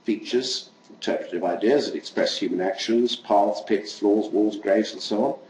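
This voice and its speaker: A man's voice: on the low side, darkish tone, slight background noise. Older man lecturing in echoey hall. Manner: measured, reads prepared text with asides. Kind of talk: academic lecture.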